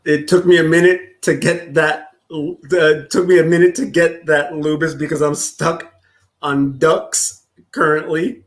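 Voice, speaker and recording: A man's voice: fairly high pitch, flat delivery, measured pace. A man streaming casual reaction commentary, profane and mocking, often breaking into laughter.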